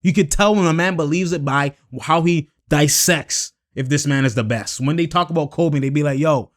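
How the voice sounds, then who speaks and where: A young man hosting casual basketball commentary on his own, talking in an animated, slangy, rambling way with lots of fillers. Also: a little high, normal speed.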